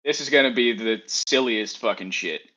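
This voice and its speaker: A man's voice: mid-range voice, moderate pace, bright, forceful tone. A man with a Midwestern accent, a guest on a casual stream, blunt and swearing freely. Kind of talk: casual reaction-stream chat.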